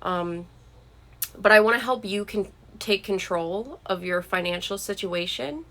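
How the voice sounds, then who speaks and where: A woman's voice: mid-range voice, measured pace, a bit bright. A young woman vlogger talking earnestly and encouragingly to camera about money habits, with frequent "like" and "um". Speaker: vlogger giving money advice. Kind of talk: casual talk to camera.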